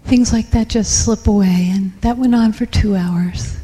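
Soft-spoken woman, slow and hushed. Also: medium pitch, slightly rough, in a large hall. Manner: soft, hushed, reflective, with pauses. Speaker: group participant sharing a story. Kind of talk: personal storytelling in a group.

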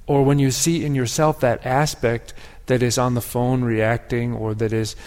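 A man's voice: medium pitch, little pitch movement, darkish tone. Man preaching in a reverberant hall. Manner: reflective, measured preaching with pauses and restarts. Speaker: pastor. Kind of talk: sermon.

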